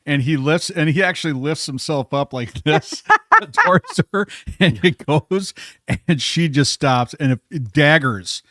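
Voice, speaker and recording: A man co-hosting a casual podcast chat, telling family stories with animated energy and laughing as he goes. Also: a little high, unhurried, no room sound, clean studio sound. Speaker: podcast co-host.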